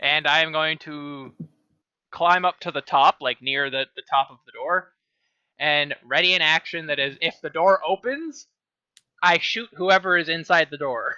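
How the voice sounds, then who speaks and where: Male player, very bright tone, playful and laughing, dry and dull recording. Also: fairly high pitch, normal speed, clean tone, dry recording. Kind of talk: tabletop game play.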